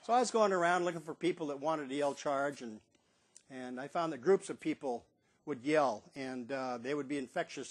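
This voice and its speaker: Older guy spinning a folksy yarn, kinda high-pitched, rambles along. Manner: folksy, rambling storyteller who acts out others' lines. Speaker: storyteller. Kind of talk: casual spoken anecdote.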